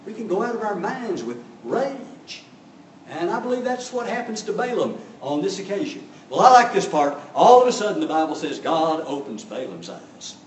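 A man's voice: high-pitched, big pitch swings, normal speed, a little hiss or hum. A man preaching a sermon, telling the story with drama and acting out voices. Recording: echoey room from a distance.

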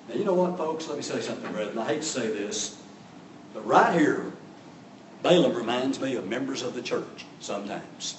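Here a man with a mid-range voice delivers an animated sermon at normal speed, telling the story dramatically and performing the characters' voices. Captured from a distance in an echoey room, it carries slight background noise.

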